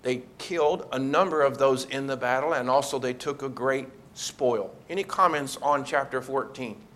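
A man's voice: mid-range voice, moderate pace, a bit bright, a little hiss or hum. A man leading a Bible study, teaching in a conversational way and asking the group questions.

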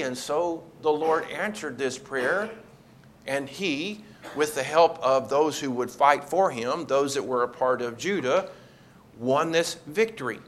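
A man's voice: medium pitch, unhurried. A man leading a Bible study, teaching in a conversational way and asking the group questions.

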